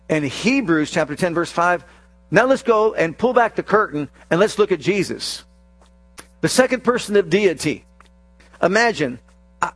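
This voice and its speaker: A man preaching a sermon, acting out scripture scenes with slow emphasis and sudden rapid bursts. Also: high-pitched, no room sound. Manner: dramatic, acts out quoted scripture voices, shifts between slow emphasis and rapid bursts.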